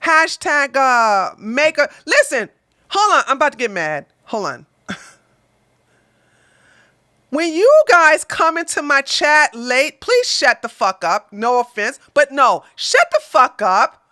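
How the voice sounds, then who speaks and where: A woman hosting a political livestream, ranting combatively and with lots of swearing, jumping between loud outbursts and quiet mutters. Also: high voice, sing-song, slow, no room sound, clean studio sound.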